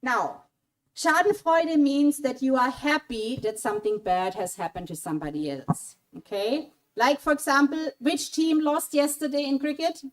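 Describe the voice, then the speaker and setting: A woman with a bright, high-pitched voice leads a playful quiz for an audience gathered in a small auditorium. She speaks into a handheld mic, coaxing people to pick answers and keeping the room engaged. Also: moderate pace. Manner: lively, coaxing, quizzes the audience. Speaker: German language speaker at a college event. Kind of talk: interactive audience quiz talk. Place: auditorium mini hall.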